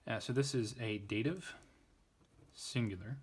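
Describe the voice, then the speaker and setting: A man's voice: medium pitch, measured pace, husky. A man giving an informal Latin grammar lesson, thinking aloud, often restarting and correcting himself. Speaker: Latin tutor.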